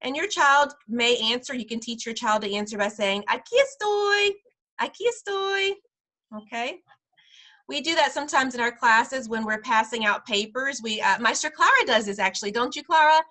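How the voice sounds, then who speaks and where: Woman, bright voice, fairly high, patient teacher, slow over phrases. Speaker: preschool director teaching parents. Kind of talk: online lesson for parents.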